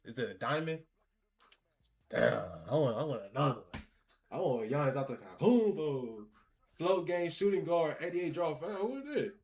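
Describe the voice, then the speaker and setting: A man giving excitable, laughing, slangy pack-opening commentary, talking to the game and cards as he goes. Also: fairly high pitch, moderate pace. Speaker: gaming video creator.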